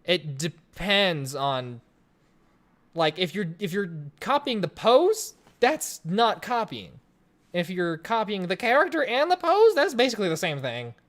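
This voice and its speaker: A lively streamer in their 20s from Colorado, USA hosts a casual Q&A from a home room in front of a webcam, reading chat questions aloud into a desk microphone on a stream setup. They ramble, joke, and chat, often restarting sentences, with a medium pitch and an unhurried pace.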